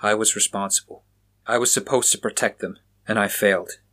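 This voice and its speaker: A man's voice: fairly low pitch, fairly even intonation, brisk, fairly bright tone. A man voicing a wounded male police officer in a horror story, speaking with urgent, pained guilt.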